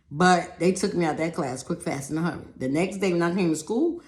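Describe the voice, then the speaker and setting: A woman telling a personal story in a talk, animated, acting out other people's voices and often repeating words. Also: deep voice, vocal fry, reverberant. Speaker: speaker giving a talk.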